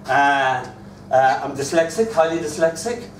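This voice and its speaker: An Irish man in his sixties reads poems and spins anecdotes at a live reading, animated and quick to chuckle. His voice sits a touch high. The sound is distant and echoey, with noticeable room noise. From Ireland. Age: 60s. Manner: animated, chuckling storyteller who recites verse. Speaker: poet. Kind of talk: live poetry reading with storytelling. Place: hotel room at a poetry festival.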